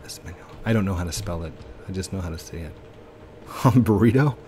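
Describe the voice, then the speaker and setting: A man's voice: sits low, animated, brisk, noisy background. A young man streaming a game live, playful and joking with friends. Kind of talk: casual gameplay live stream.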